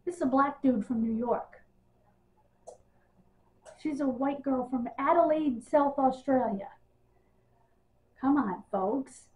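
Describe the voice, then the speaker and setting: A woman ranting in a casual, exasperated way, pausing on ums and scoffing with sarcasm. Her voice sits a bit high. The sound is narrow and tinny, like a phone line. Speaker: wrestling news vlogger.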